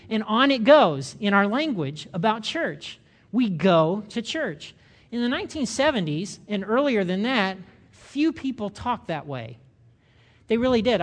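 An older man preaching a sermon, animated, acting out the voices of the people he quotes. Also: sits high. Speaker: pastor.

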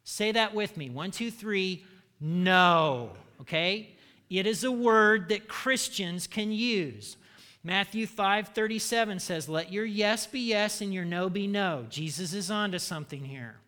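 A man's voice: sits high, a little slow, sharp tone. A man preaching a sermon, punchy and humorous, leading the congregation in call-and-response. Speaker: pastor.

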